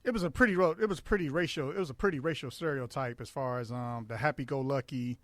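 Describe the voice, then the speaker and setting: A man's voice: mid-range voice, fast talker, a bit bright, dry recording. A middle-aged man co-hosting a podcast, telling loose, crude stories in casual chat and laughing often. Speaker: podcast co-host.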